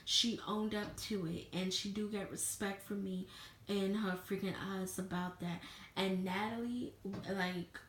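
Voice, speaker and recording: Woman vlogger, mid-pitched, blunt and profane, echoey room. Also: steady tone, normal speed. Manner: blunt, heated, swears freely. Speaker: vlogger reviewing a reality show. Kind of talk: casual opinionated review.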